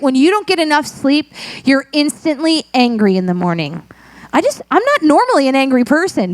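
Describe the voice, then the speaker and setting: Animated woman pastor, dry close sound. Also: high voice, no echo. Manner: animated, joking and self-deprecating with the congregation. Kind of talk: conversational sermon. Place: church sanctuary.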